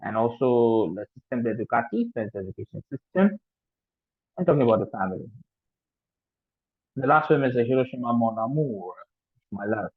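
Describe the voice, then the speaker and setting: A man's voice: medium pitch, lively intonation, moderate pace, pauses often, slightly rough, no echo. A man with an Indian English accent gives an informal lecture as a French language teacher, hesitant, with many fillers and restarts. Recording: tinny phone-like sound, dry.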